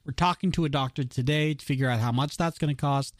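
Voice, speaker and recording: A man with a slightly high voice chats casually as a podcast co-host. He tells stories with frequent restarts and animated impressions of other people. His voice is dry and close to the mic, with no room around it. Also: fast, dry recording. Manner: chatty storyteller, many restarts, animated quoted voices.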